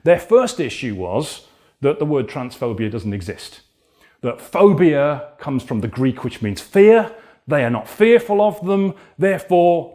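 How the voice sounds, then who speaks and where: Male podcast host, indignant rant, fairly high voice, swings widely in pitch, swears a lot. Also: sing-song, unhurried, a little mellow. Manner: exasperated, indignant, swears freely.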